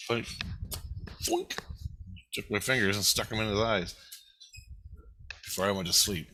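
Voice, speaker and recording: Speaking straight to the camera, a male vlogger delivers an agitated, rambling first-person monologue and swears constantly. His fairly low voice is bright and forceful with fairly even intonation at normal speed, over slight background noise.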